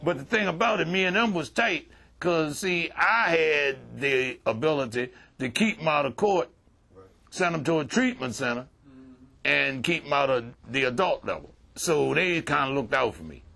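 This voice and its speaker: A man's voice: fairly high pitch, normal speed, vocal fry. An older man, telling profane, streetwise stories to a recovery group. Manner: profane, streetwise, animated storytelling with laughter. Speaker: relapse prevention speaker. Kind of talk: storytelling talk to a group.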